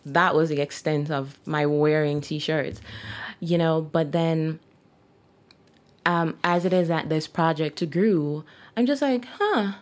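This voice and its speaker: Speaking slowly in a low voice, this interview guest is a Jamaican woman in her thirties who runs a T-shirt brand. Her conversation is relaxed, peppered with fillers and laughs.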